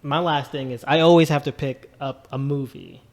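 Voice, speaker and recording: A podcast co-host rambles through a story in casual chat, restarting often and saying "like" and "dude" a lot. His voice is mid-range with a darkish tone, steady and at a moderate pace.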